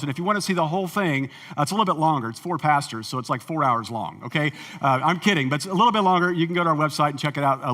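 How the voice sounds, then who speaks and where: Pastor guy in his 40s telling stories from the pulpit, bright high voice, big echoey church hall. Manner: animated storyteller, acts out quoted voices. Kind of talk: sermon with personal stories. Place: large church auditorium.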